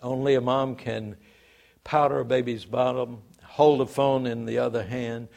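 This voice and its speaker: A male pastor reading scripture, praying and telling a story in a sermon, his phrase ends dropping quiet. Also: mid-range voice, little pitch movement, normal speed, creaky.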